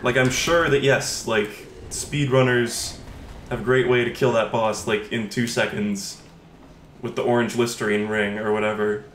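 A man giving live gameplay commentary as a streamer, frustrated, sarcastic and profane, often yelling at the game. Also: medium pitch, steady tone, moderate pace, roomy sound, slight background noise. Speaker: gaming streamer.

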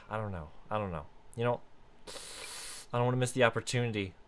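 A man hosting a casual let's-play, chatting through his game and now and then bursting into excited high squeals. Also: a little fast, slight background noise. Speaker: gaming video host.

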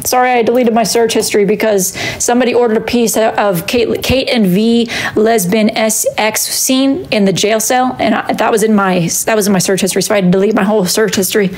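A woman's voice: a little high, steady tone, brisk, few pauses, noisy background. A woman chatting casually on a live stream while she draws, scolding her chat and kicking people out. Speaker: wood-burning artist streaming live. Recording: music playing behind the voice.

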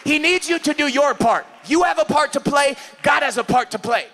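A male pastor with a Californian accent, preaching an impassioned sermon, often shouting and acting out little scenes. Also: extremely high pitch, expressive, normal speed. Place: church service.

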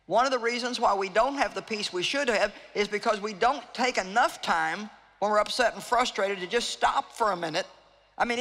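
A woman preaching an evangelistic sermon, earnest and pleading as she repeats her key phrases. Her voice is bright and forceful. It rings out with the long reverb of a large hall. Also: a little high. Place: large hall with live audience.

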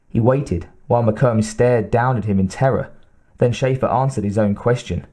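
A man reading a thriller audiobook aloud as narrator, in a steady, even storytelling manner. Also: mid-range voice, moderate pace. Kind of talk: scripted narration.

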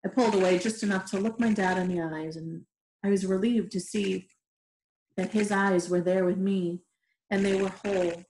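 A woman reading a novel aloud in a steady, gentle way, in an echoey room. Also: medium pitch, normal speed, a little hiss or hum. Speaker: reader. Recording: roomy echoey room recording.

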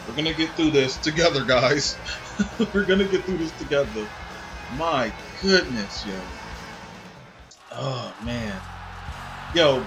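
A young man giving casual gameplay commentary, cursing and shouting at the game as he plays. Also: a little high. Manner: loud, swearing outbursts at the game. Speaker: gaming channel host. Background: game music.

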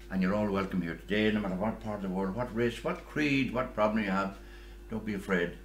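Priest in an echoey chapel. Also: male voice, fairly low pitch, brisk. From Ireland. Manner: loose, off-the-cuff asides with many fillers. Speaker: priest celebrating Mass. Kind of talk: leading a Mass with sung hymn and spoken liturgy. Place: small oratory chapel. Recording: echoey room with instrument accompaniment.

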